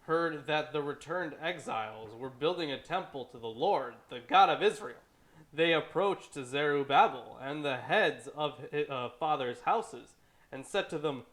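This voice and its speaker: On a casual discussion show, a male co-host reads scripture aloud, tossing in wry, irreverent asides, occasionally swearing and fumbling names. His voice is on the high side and fairly bright, animated yet delivered at a measured pace.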